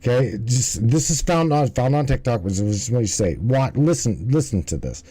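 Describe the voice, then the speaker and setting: A man's voice: mid-range voice, big pitch swings, normal speed, a crowd in the background, rough recording. A man hosting a livestream in casual commentary, rambling and swearing, often stumbling and restarting his words. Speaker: livestream host.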